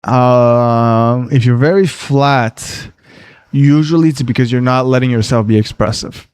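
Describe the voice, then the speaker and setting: A man's voice: medium pitch, fairly even intonation, unhurried, darkish tone, clear, resonant tone, dry recording. A man coaching on dating during a casual livestream Q&A, reading viewer questions aloud and answering in a blunt, profane, laid-back way.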